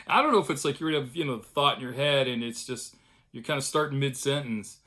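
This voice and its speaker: A man's voice: medium pitch, a little fast, sharp tone. A middle-aged man talking casually and at length in a home vlog, chatty and self-deprecating. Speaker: vlogger, cartoonist. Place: home studio room.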